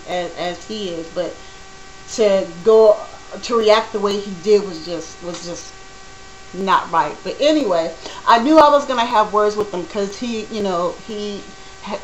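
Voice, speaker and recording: A woman telling a personal story to camera in a casual, animated way, acting out what people said. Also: mid-range voice, slight background noise, low-quality recording. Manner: animated, acts out quoted dialogue.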